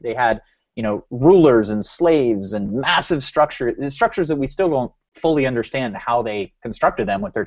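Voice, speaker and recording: Rambling man on a lo-fi podcast. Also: mid-range voice. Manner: rambling, with many restarts and fillers. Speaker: podcast co-host. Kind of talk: casual podcast discussion.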